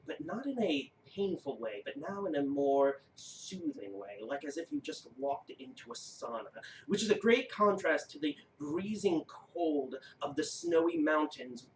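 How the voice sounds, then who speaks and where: Unhurried man running a tabletop game. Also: a little high. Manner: unhurried, with frequent uh fillers. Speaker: game master. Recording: roomy, distant mic with faint noise.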